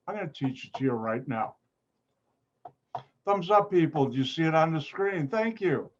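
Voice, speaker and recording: A man with a Chicago accent teaching an online chemistry lab, joking with the class and breaking into sudden high exclamations. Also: animated, moderate pace, long pauses, slight background noise. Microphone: video call. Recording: slightly dull video call audio.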